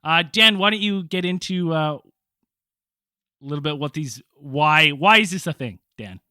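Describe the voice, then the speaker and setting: Guy podcast host, kinda high bright voice, dry close mic, rambles and laughs a lot. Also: animated, a little slow, clear, resonant tone, dry recording. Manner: rambling, laughs often, heavy "like" fillers. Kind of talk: casual storytelling chat.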